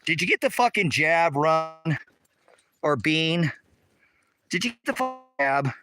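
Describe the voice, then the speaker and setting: A livestreamer walks his rural land outdoors giving a property tour, recorded on a handheld phone, ranting at viewers' comments and combatively swearing constantly. His voice is fairly high pitched and very animated, a little slow.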